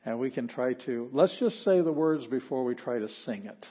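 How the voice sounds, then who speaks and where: Husky male teacher, unhurried and halting, sounding out words syllable by syllable; dull lo-fi recording. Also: medium pitch, lively intonation. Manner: patient, halting, many ums, sounds out words slowly. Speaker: Greek teacher. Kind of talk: informal classroom lesson.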